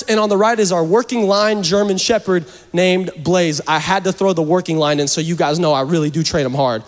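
Male pastor, high voice, jokey conversational sermon that builds to fervent urging, church hall reverb. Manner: joking, conversational preaching that rises to fervent urging.

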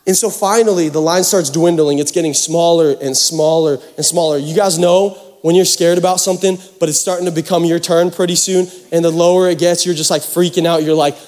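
A man's voice: high-pitched, fairly quick. Man, young adult, pastor, from the Pacific Northwest, dramatic storytelling, echoing hall. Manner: animated, self-mocking, dramatic storytelling. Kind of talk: storytelling sermon. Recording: hall reverb.

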